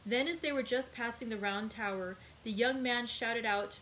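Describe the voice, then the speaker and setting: A woman's voice: fairly high pitch, fairly bright tone, a little hiss or hum, rough recording. Woman reading a classic novel aloud. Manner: measured, with small slips and self-corrections on names. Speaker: librarian hosting a read-aloud.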